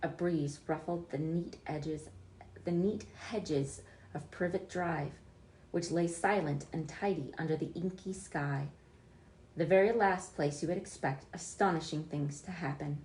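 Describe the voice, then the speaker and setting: Lady reading a kids' book out loud, lively, fixes her slips, lowish voice. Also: a little slow, roomy sound. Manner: expressive, with small slips and self-corrections. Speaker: storyteller. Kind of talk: reading a picture book aloud.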